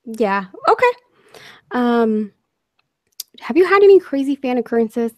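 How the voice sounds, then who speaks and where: A woman's voice: fairly high pitch, very animated, unhurried, a little mellow, dry recording, studio quality. A woman hosting a casual interview, joking playfully and laughing a lot. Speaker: interview host.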